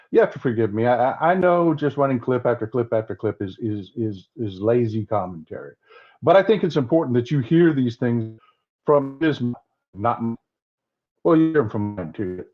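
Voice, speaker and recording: A man with a Southern American accent hosts a livestream of political commentary. He talks bluntly and keeps circling back over his own words. His voice comes through a slightly dull, lo-fi recording. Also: medium pitch. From Southern United States. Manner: blunt, repeats himself with many restarts.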